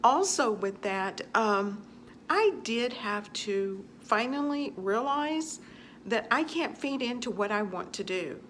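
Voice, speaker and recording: Woman vlogger, slightly high voice, casual, earnest, repeats for emphasis. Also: lively intonation, slow pace, fairly bright tone, slight background noise. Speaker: vlogger answering viewer questions. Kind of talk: casual advice talk to camera.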